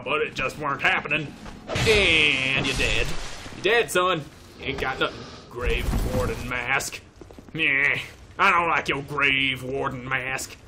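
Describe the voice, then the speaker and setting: Slow, playful gaming man, fake-fancy. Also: mid-range voice. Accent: put-on English accent. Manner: playful, mock-posh, swears, talks to enemies. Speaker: gameplay commentator. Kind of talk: let's play commentary.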